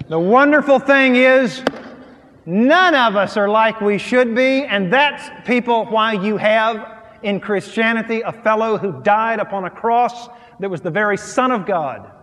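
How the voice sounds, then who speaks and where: Guy preaching a sermon, high voice, big echoey church, goes quiet then loud and punchy. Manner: swings from quiet, low asides to loud, rising emphasis; acts out little scenes.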